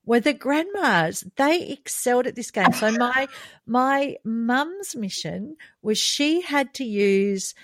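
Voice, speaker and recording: A middle-aged woman co-hosting a podcast, telling family stories in a lively way and laughing often. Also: fairly high pitch, slow, slight background noise. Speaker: podcast co-host. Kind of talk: casual storytelling chat.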